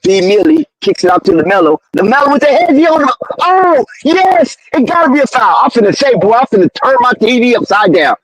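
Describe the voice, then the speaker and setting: A very high-voiced man calls a basketball game play by play, excitable and slangy. He keeps protesting the referees. His voice is dry and close, with no room sound. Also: a little fast, few pauses, no echo, rough recording. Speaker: live game commentator. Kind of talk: fan play-by-play commentary.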